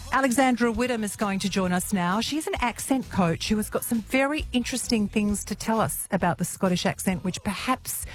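A woman hosting a talk radio show, chatty and playfully teasing. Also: medium pitch. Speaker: radio host.

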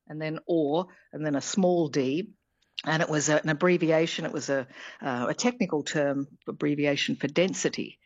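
A woman's voice: sits low, no room sound, highs cut off. A middle-aged woman, a linguistics professor explaining words in a radio interview, thinking aloud as she goes.

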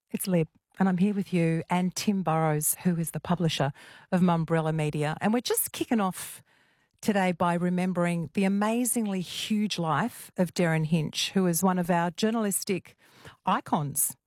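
A woman's voice: medium pitch, darkish tone, no echo, studio quality. A woman hosting a radio show, talking in a chatty, playful and self-mocking way. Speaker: fill-in radio host. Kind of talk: casual radio chat.

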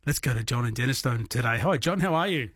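An Australian man hosting a late-night radio quiz, chatty and animated. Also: medium pitch, fast talker, no room sound. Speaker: radio host. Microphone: studio microphone.

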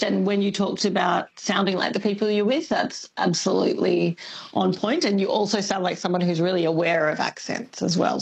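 A woman's voice: fairly low pitch, vocal fry, slightly rough, poor audio. A woman speaking as an expert guest on talkback radio, explaining thoughtfully with fillers and light laughs.

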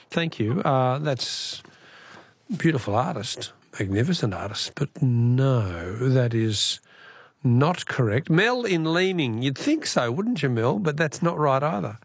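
Aussie bloke running a radio quiz, laughs a lot, bit high-pitched, dry studio sound. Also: male voice, expressive, a little slow, no echo. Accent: Australian. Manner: chatty, laughs often, friendly banter with callers.

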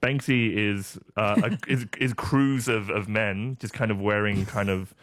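A man co-hosting a casual news chat, deadpan and rambling with many fillers. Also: fairly low pitch, unhurried, no echo. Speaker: co-host.

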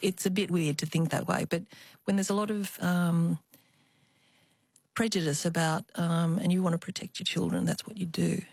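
Older woman, low voice, reminiscing. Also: fairly even intonation, moderate pace, gravelly, dry recording, clean studio sound. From Australia. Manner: warm reminiscing with small hesitations. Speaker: interview guest. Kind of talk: reflective storytelling.

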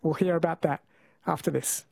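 A man's voice: fairly high pitch, steady tone, normal speed, gravelly, crowd noise. A man hosting a late-night talk radio show, friendly and conversational, speaking into a studio microphone. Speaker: overnight radio host.

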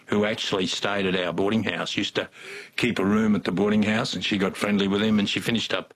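Older Australian man, interview guest; husky, lowish voice, rambling folksy yarns full of restarts. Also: little pitch movement, fairly quick, a bit bright. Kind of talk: casual storytelling.

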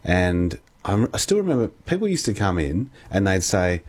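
Deep husky Australian man chatting. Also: big pitch swings, moderate pace. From Western Australia. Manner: chatty, storytelling. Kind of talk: casual chat.

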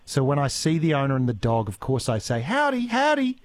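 A man's voice: mid-range voice, fast talker, a little mellow, dry recording. A man with an Australian accent hosting live talk radio, chatty with lots of fillers and restarts. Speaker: radio host. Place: radio studio. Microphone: studio mic.

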